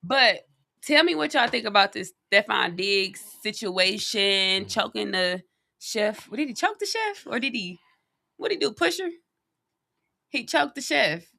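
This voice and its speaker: Woman co-host, blunt and jokey, gravelly with a sharp bright edge. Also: medium pitch, lively intonation, unhurried. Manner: blunt, joking, loud bursts. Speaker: show co-host. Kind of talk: casual podcast banter.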